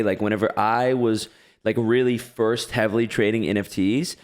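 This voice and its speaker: A man's voice: on the low side, moderate pace. A man hosting a casual podcast chat, rambling and asking questions between fillers. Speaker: podcast host.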